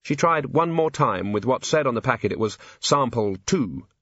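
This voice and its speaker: A man with a husky voice giving scripted audiobook narration in a dry, measured manner. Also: mid-range voice, animated, a bit bright, dry recording, muffled recording.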